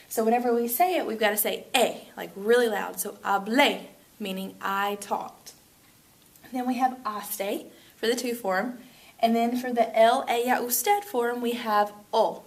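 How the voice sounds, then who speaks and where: Upbeat woman teaching. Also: a little high. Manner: upbeat, chatty, playful asides. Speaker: Spanish teacher. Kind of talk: classroom lesson video.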